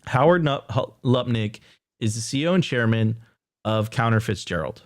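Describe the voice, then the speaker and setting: A man co-hosting a casual live crypto show, talking in a halting way with many fillers. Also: medium pitch, no echo, studio quality. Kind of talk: casual livestream chat.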